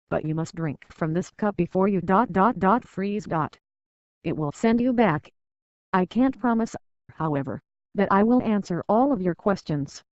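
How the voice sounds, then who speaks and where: A woman voicing a calm, enigmatic female android who speaks in a measured way. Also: mid-range voice, no echo, close to an everyday voice. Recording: dull dry recording.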